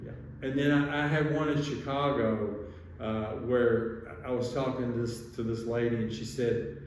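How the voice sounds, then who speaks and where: A man hosts a casual podcast, rambling through anecdotes with restarts and chuckles. His voice is mid-pitched. It echoes heavily in a room with faint background noise. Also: steady tone, moderate pace, far from the mic. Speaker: podcast host, surgeon. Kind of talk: casual chat, storytelling.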